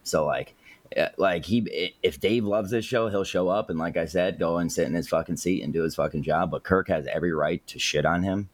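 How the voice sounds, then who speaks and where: A man's voice: low voice, brisk. A man co-hosting a podcast, giving emphatic, profane opinions with many fillers in casual chat. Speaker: podcast co-host.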